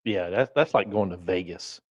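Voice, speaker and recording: A man with a Southern drawl, a podcast guest, telling folksy anecdotes in relaxed, casual chat. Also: deep voice, moderate pace, no room sound.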